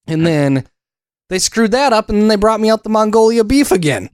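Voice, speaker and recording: A man's voice: sits high, animated, fairly quick, long pauses, no room sound, studio quality. A man co-hosting a podcast in casual chat, telling rambling stories and acting out the back-and-forth with other people. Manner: rambling storyteller who acts out quoted exchanges. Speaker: podcast co-host.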